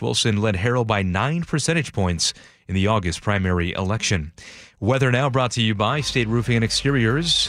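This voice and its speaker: A man reading a radio newscast in a crisp, scripted manner. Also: mid-range voice, fairly bright tone. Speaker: news anchor.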